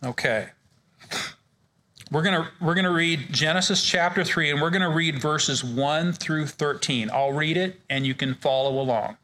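Guy leading a men's bible study, jokey and casual, bright voice. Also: on the high side, normal speed. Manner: casual, joking, restarts sentences. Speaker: men's ministry teacher. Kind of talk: informal Bible study teaching.

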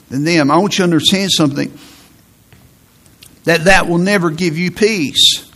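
A man's voice: on the high side, a bit bright. A male pastor preaching a sermon, emphatic, repeating phrases and restarting as he builds a point.

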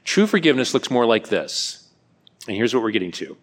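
A man's voice: medium pitch, very animated, fairly quick. A man preaching a sermon, earnest, reading a book passage aloud and stressing his key points.

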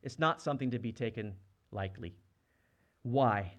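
A man's voice: medium pitch, moderate pace, dull audio. A man in his thirties or younger preaching a sermon, earnest and conversational, often asking the congregation questions. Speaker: pastor.

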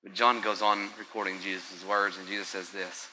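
A pastor preaches a conversational sermon, regularly checking in with the congregation and swinging between soft, slow passages and loud, excited ones. His voice is low, and the rough recording carries slight background noise.

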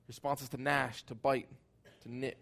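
A man preaching a sermon, earnest and emphatic, his voice swelling loud at high points and sinking soft and low at others. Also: flat delivery, normal speed, vocal fry. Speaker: pastor.

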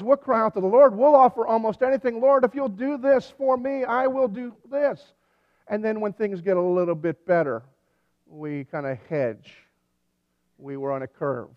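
A pastor preaching a sermon in a conversational way, with dry humor and animated storytelling. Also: male voice, high voice. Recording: dull recording with long hall reverb.

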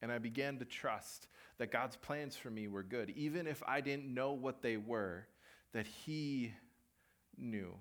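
Telling a personal story within his sermon, a young man speaks conversationally and animatedly, acting out the quoted words of others. His mid-range voice moves a little slowly.

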